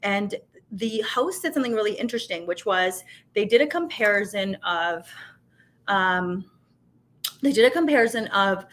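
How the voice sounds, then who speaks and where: Brief: woman, 30s, live-stream host, chatty and animated, mid-pitched voice. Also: moderate pace. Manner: chatty and animated, talks with her hands, many fillers. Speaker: host of a tasting show. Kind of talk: casual live-stream chat, reading viewer comments.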